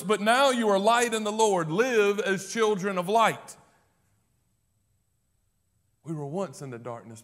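Male pastor, high voice, emphatic sermon delivery with loud peaks and quiet stretches. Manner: emphatic, swings from loud declarations to hushed low passages.

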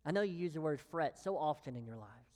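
A woman pastor preaching a sermon with emphatic pauses, sinking to a whisper on key words. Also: low voice, expressive, darkish tone, long reverb tail. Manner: slow, emphatic delivery with long pauses, dropping to a whisper on key phrases.

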